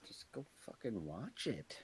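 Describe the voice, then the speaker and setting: A man's voice: lowish voice, huge pitch swings, unhurried, a little hiss or hum. A man co-hosting a podcast, chatting casually about a movie with dry, short remarks. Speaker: podcast co-host. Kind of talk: casual movie review chat.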